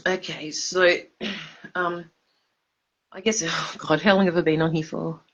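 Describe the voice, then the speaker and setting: Drunk woman, low voice, swearing, stumbling repetitions, dull lo-fi phone audio. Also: steady tone, measured pace. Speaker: livestreamer. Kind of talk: rambling drunk livestream.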